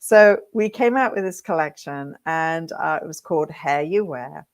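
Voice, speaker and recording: British lady talking to camera, lowish voice, chatty coach vibe, keeps checking in with "right?". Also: lively intonation, moderate pace. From Britain. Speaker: hairdressing coach. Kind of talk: reflective direct-to-camera talk.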